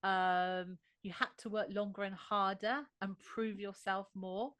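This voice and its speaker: An Australian woman being interviewed, telling her story in a lively, animated way. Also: mid-range voice, unhurried, clear, resonant tone, no echo. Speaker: interview guest. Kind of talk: conversational interview.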